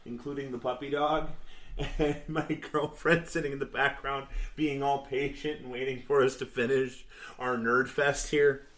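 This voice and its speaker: A man's voice: mid-range voice, level tone, normal speed, a bit bright. Rambling, laughing young man on a podcast. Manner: rambling, laughing through news stories. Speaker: podcast co-host. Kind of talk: casual podcast banter.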